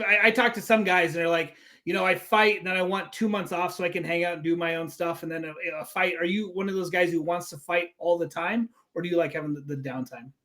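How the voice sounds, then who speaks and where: A man with a notably high voice, hosting a casual interview over a video call. He talks in a chatty, rambling way, full of fillers, and trails into long questions. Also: fairly bright tone. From United States. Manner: chatty, friendly, with many fillers. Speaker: interviewer and host.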